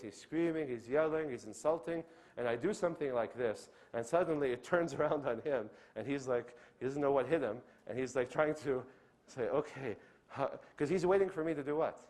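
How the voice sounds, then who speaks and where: A man's voice: medium pitch, a little mellow. A man, a doctor giving an earnest religious lecture, who asks the audience questions, answers them himself and often checks in with "okay?".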